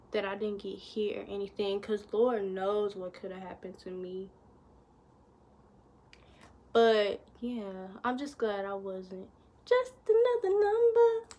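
A young woman, casually telling a storytime vlog to her viewers, chatty and animated in her retelling. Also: mid-range voice. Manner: chatty, addresses viewers as y'all, lively retelling. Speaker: vlogger.

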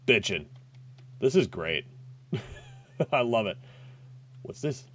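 An excitable man talks his way through a retro game, his voice swooping up and down. He swears freely and yelps when things go wrong, mixing casual chatter with loud outbursts. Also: medium pitch, slow pace, pauses often, slightly rough. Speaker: gaming YouTuber. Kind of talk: let's play commentary.

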